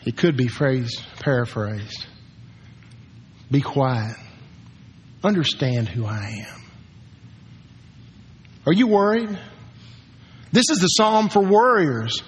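An older man preaching a sermon as pastor, moving from hushed, slow words to shouted commands for quiet. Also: mid-range voice, expressive, a little hiss or hum. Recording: long hall reverb.

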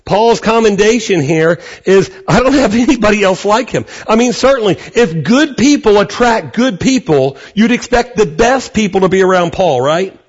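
A male pastor preaching a conversational sermon, acting out quotes with animated energy. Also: sits high, normal speed, hardly any pauses, highs cut off.

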